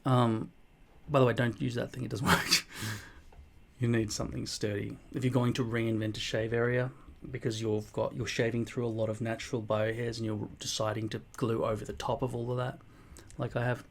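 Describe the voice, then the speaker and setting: A man's voice: medium pitch, flat delivery, normal speed, gravelly, a little hiss or hum. A man, casually reading and answering viewer comments in a blunt, mock-boastful way, swearing often. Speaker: vlogger replying to comments. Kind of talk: casual comment-reply monologue.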